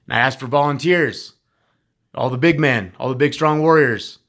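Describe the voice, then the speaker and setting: A man's voice: medium pitch, normal speed, a bit bright. A man, a former teacher, giving a heartfelt, informal recorded message to graduates, emphatic and blunt with casual swearing.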